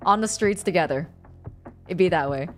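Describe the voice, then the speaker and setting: A woman's voice: on the low side, moderate pace, faint music behind. A young woman streaming live, casually chatting with her viewers, reading their messages aloud and laughing often. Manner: animated, laughs often, reads chat aloud.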